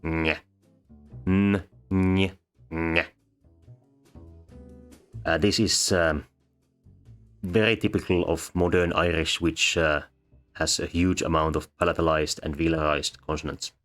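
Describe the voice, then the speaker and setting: A man explaining sound changes as a lecturer, pausing often with ums and uhs. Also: a bass voice, fairly even intonation, a bit bright. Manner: halting, many ums and uhs. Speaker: linguistics lecturer. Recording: faint background music.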